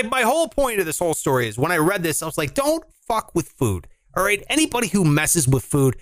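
Animated, rambling man telling stories. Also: fairly high pitch, no echo. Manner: rambling, animated storytelling with swearing and impressions. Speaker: podcast co-host. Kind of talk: casual chat.

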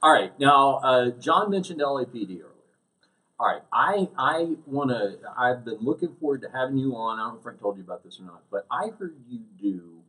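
A man's voice: medium pitch, lively intonation, fairly quick, sharp tone, rough recording. A man hosting a podcast, chatting casually and running through show announcements. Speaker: podcast host.

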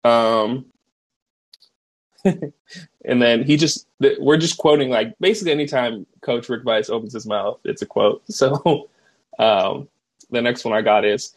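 A man's voice: mid-range voice, measured pace, long pauses, slightly rough. A man co-hosting a podcast, casually chatting and acting out movie quotes with frequent laughter. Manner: laughing, acts out quotes in raised voice. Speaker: podcast co-host. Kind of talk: casual chat, quoting movie lines.

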